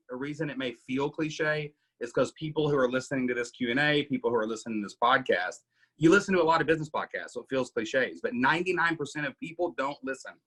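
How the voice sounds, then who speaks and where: Forceful husky-voiced man coaching. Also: mid-range voice. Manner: emphatic, asks "right?" often. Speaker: podcast host coaching members. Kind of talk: casual coaching Q&A.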